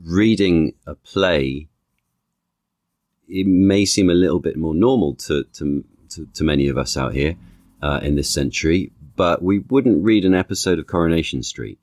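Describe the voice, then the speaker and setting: An actor and author talking as a podcast guest, thoughtful, stacking analogies, often restarting with "you know". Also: male voice, sits low, moderate pace, darkish tone, no room sound, clean studio sound. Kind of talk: conversational interview.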